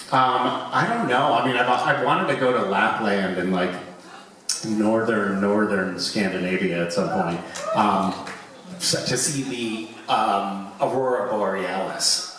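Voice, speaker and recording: A man's voice: fairly low pitch, takes it slowly. A middle-aged man chats loosely with fans at a convention, wandering off on tangents and poking fun at himself. The recording picks him up from the back of a big hall, so his voice rings with heavy echo. A faint hum of noise sits under him. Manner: rambling, self-mocking, animated when telling stories. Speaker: convention panel guest. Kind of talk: casual Q&A storytelling. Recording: echoey hall, taped from far off.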